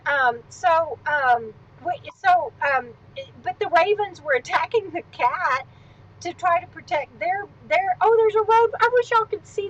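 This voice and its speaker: A woman's voice: high voice, muffled recording. A woman hosting a casual live stream from home, chatting in a rambling way and wandering off into asides. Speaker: livestream host. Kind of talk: casual livestream chat. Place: at home, on a swivel stool.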